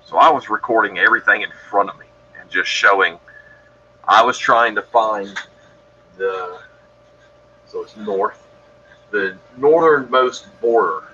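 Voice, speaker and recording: This is a man with a deep, low voice and a bright, forceful edge. He tells his story casually on a podcast, rambling and correcting himself as he goes. The recording sounds a little dull, with a faint hiss underneath. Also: unhurried, pauses often. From Georgia, USA. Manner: rambling, self-correcting, matter-of-fact. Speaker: guest describing encounters.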